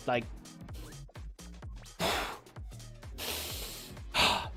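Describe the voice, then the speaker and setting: Halting, emotional man with a calm voice. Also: fairly high pitch, soft background music. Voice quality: calm, soft voice. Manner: halting, many restarts, choked up and emotional. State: choking up. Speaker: YouTube creator and poet. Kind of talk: casual live chat with viewers.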